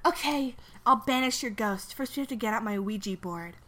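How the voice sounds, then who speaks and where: A woman voicing a cheerful young woman psychic medium who talks in a bright, matter-of-fact way. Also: fairly high pitch, animated, fairly quick. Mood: chirpy.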